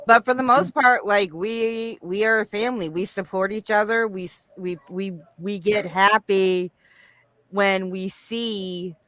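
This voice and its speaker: A speaker with a bright, crisp voice in a casual chat, recorded close and dry. They talk bluntly, crack dark jokes and speak up warmly for their group. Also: medium pitch, steady tone, unhurried, no room sound. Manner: blunt, joking, loyal to the group.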